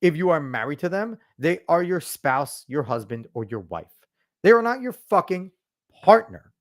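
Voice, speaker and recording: Male podcast host, a bit high-voiced, blunt and foul-mouthed, pitch leaping all over while he rants. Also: very animated, normal speed. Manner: blunt, profane ranting; emphatic, lectures the listener. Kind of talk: casual podcast commentary.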